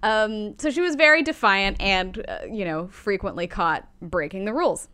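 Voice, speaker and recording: A woman casually recounting a historical woman's life to a co-host, animated and loose, with light swearing. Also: mid-range voice, moderate pace, clean tone. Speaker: podcast co-host telling a life story. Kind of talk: casual storytelling chat.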